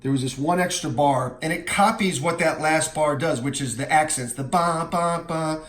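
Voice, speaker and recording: A man explaining how to chart a drum part, counting beats out loud and scatting the fills. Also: fairly high pitch, moderate pace. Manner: counts beats aloud and scats drum parts. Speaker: drum teacher. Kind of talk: instructional walkthrough. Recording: roomy, with music playing.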